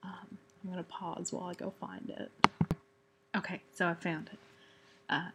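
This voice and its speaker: A woman's voice: lowish voice, flat delivery, moderate pace, creaky, very noisy. A woman from Texas with a Texan accent, chatting casually as she answers a question challenge, rambling with many fillers and restarts. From Texas, USA. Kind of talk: casual chat.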